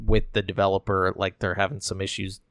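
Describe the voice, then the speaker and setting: A man's voice: sits low, flat delivery, brisk, fairly bright tone, dry recording, clean studio sound. Chatty young man reading gaming news. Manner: loose and chatty, filler-heavy, reads news quotes aloud. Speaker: podcast co-host.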